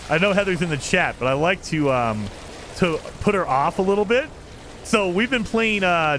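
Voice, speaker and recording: A man live-streams a game and chats easily with his viewers between moves, laughing often. His voice sits a little high and swings through a lively range. A faint hiss runs under the recording. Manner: chatty, laughs often, talks to chat while playing. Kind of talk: casual live-stream chat.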